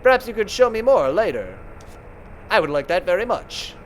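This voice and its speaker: A man's voice: sits high, very animated, moderate pace, fairly bright tone, a little hiss or hum, rough recording. A man voicing a genteel, scheming married woman who talks in a prim way.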